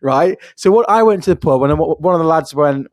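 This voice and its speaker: A man's voice: on the high side, brisk, no echo, clean studio sound. A man co-hosting a podcast, chatting casually and acting out everyday exchanges as he tells stories. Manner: animated storyteller, acts out pub chatter. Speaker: podcast co-host. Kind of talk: casual conversation.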